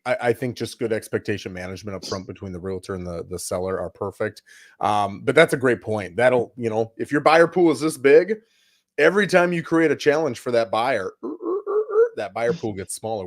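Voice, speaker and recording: Male co-host, lively swooping delivery, casual advice talk, plays out client quotes. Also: medium pitch. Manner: animated, acts out client quotes. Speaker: real estate broker co-host.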